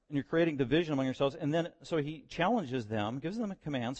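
A man's voice: a little high, animated, fast talker, hardly any pauses, a little mellow, husky, big-room sound, muffled recording. Man preaching an emphatic sermon. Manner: conversational preaching, rising to emphatic exhortation. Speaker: pastor.

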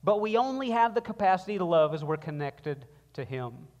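A male pastor preaching a sermon to his congregation, swinging between loud emphasis and quiet passages and drawing the room into call-and-response. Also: sits high, sing-song, brisk. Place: church sanctuary. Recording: long reverb of a church hall.

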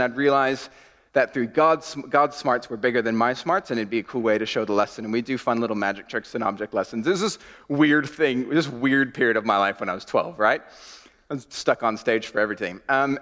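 A pastor giving a sermon, telling a self-mocking personal story in a chatty way and leading a short prayer. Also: male voice, mid-range voice, fairly bright tone. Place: church sanctuary. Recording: long reverb of a church hall.

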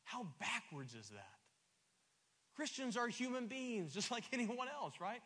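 A middle-aged man preaching a sermon, emphatic and stumbling over repeated words, swinging between loud and soft. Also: extremely high pitch, sing-song, measured pace, breathy edge. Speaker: pastor. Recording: long hall reverb.

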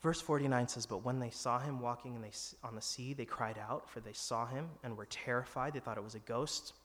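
Preaching in an earnest, conversational style, this pastor speaks fairly quickly with a medium-pitched, fairly bright voice and fairly even intonation. He dramatizes quoted lines, and the sound carries a long hall reverb.

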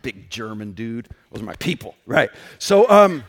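A man preaching a sermon in a conversational, emphatic way, swinging between loud and hushed and often checking in with "right?". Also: medium pitch, very animated, measured pace. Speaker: pastor.

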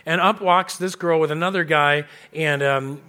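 A man's voice: on the high side, fairly even intonation, moderate pace, bright, forceful tone, clear, resonant tone. A man preaching a sermon as pastor, telling a story in a conversational way and acting out the people he quotes. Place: church.

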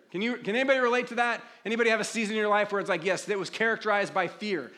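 Bright, high-voiced man preaching. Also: very fast, hardly any pauses. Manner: conversational preaching, acts out pleading prayers, drops to quiet reflective tone. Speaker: pastor. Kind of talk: sermon.

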